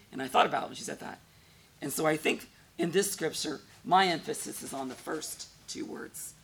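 A woman preaching with a heavily gravelly, creaky voice. She talks to her congregation conversationally and keeps asking them questions as she goes. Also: low voice, slight background noise. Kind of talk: sermon.

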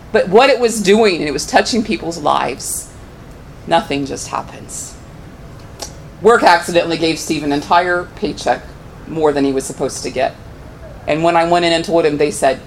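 A woman's voice: slight background noise, rough recording. A middle-aged woman giving a personal testimony in church, telling her story earnestly. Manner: earnest storytelling, pitch rising when moved.

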